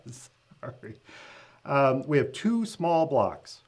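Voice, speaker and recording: A man's voice: medium pitch, big pitch swings, extremely slow. A man hosting a casual live-stream update as the event organizer, talking loosely with many fillers, restarts and laughing asides.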